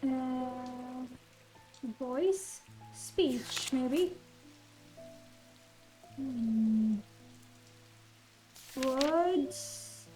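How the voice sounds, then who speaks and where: Brief: woman gamer, high voice, unhurried, quietly thinking out loud over soft music. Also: rough recording. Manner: thinks aloud, muses softly. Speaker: game streamer. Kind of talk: blind game playthrough commentary.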